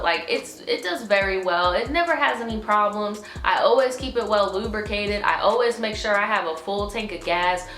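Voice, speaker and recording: A woman tells a storytime vlog in a loose, animated, profane ramble, her voice sitting in a mid range. The room rings with echo, and faint music plays underneath. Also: medium pitch. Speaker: vlogger. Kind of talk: casual storytime.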